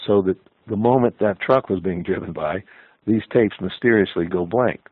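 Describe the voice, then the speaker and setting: Low man on a tinny phone-like line. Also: normal speed, breathy edge, no echo. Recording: phone-like dry sound.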